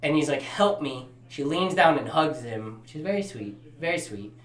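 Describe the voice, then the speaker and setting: A man's voice: fairly high pitch, brisk. A man casually recapping a horror movie with friends, acting out the characters' lines as he goes. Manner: animated retelling, acts out quoted lines. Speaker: podcast co-host. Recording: echoey room.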